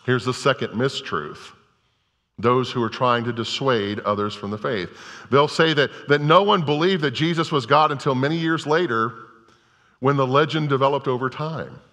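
A man's voice: medium pitch, moderate pace, fairly bright tone. A male pastor preaching a sermon to a congregation, telling scripture stories in a conversational, storytelling way. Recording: long reverb of a large hall.

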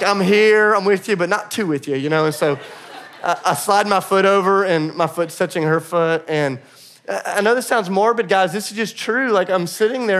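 A man in his thirties, a pastor, preaching a sermon in a conversational way with quick asides and self-deprecating humor. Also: high-pitched, a bit bright.

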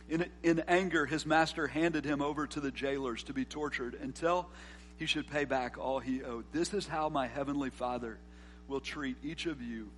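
A male pastor delivers a sermon in a fairly high voice. He is earnest, swelling to emphatic peaks and dropping soft on key words. A faint hum runs under the recording.

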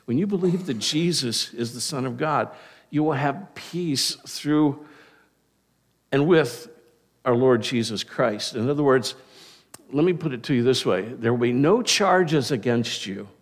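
A male pastor delivering a sermon in an unhurried, conversational way. His voice sits at an ordinary middle pitch, and he drifts into asides and restarts. He slows down to lean on the key words. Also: lively intonation.

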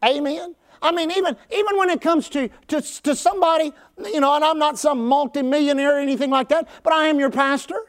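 A man preaching in a very high voice, leading the congregation in call-and-response. He talks conversationally but with fervor, and at his peak points he breaks into shouts. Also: fairly quick, few pauses. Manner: rising to shouts at peaks. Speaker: pastor. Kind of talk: preaching a sermon.

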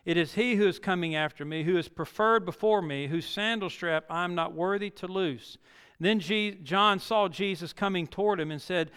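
Pastor guy preaching in a church, smooth fairly high voice, big hall reverb. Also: moderate pace, a bit bright. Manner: preaching with dramatic scripture reading, building to emphatic peaks. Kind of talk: sermon. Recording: long reverb of a large hall.

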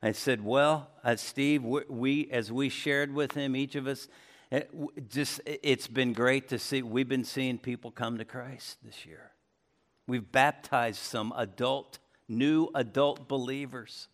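A man preaching a sermon as pastor to his church, speaking conversationally, then rising in pitch and volume for emphasis. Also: measured pace. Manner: conversational preaching, lively swings in pitch and loudness. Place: church sanctuary.

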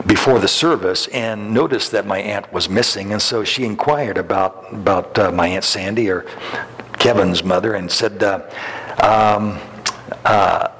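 This pastor, a middle-aged man, has a lowish, slightly bright voice and keeps a measured pace. He tells homespun stories in his sermon, chuckling and restarting many times, while faint hiss or hum and a long hall reverb color the sound.

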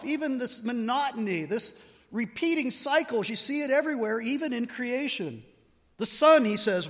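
A man's voice: high-pitched, a bit bright. A man preaching an expository sermon, explaining word meanings and asking rhetorical questions. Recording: long hall reverb.

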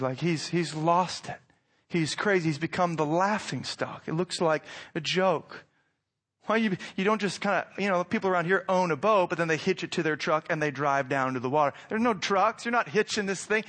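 A man giving a sermon as pastor, preaching in a conversational way, asking rhetorical questions and moving between quiet and loud passages. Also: a little high, normal speed.

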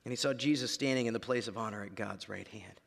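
A man in his thirties preaching a sermon, dropping to quiet lines and then building to shouts. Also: lowish voice, quick pace, creaky. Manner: dramatic, swings from quiet to shouting. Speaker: pastor. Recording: long reverb of a large hall.

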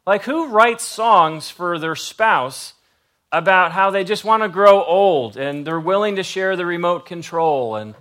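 A man's voice: high voice, lively intonation, measured pace, a bit bright. A man preaching a conversational sermon in a loose, rambling way, with lots of "like" and restarts. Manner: casual, rambling, peppered with "like". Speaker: pastor.

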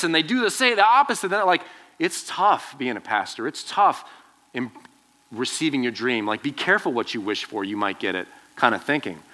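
Animated, bright-voiced young male pastor. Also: fairly high pitch. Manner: animated storytelling, acts out quoted voices. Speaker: student pastor. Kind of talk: youth sermon with personal story.

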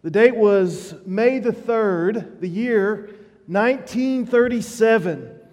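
A man preaching a sermon as pastor in a church, in a measured, reflective way. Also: high voice, a little mellow, long reverb tail, dull audio. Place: church sanctuary.

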